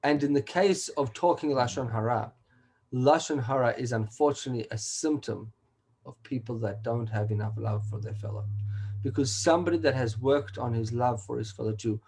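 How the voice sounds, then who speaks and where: Male rabbi, emphatic lecturer, mid-pitched voice, video-call lesson. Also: moderate pace, a little mellow, slight background noise, low-quality recording. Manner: earnest, emphatic, with Hebrew terms. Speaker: rabbi teaching a weekly class. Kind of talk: Torah class lecture.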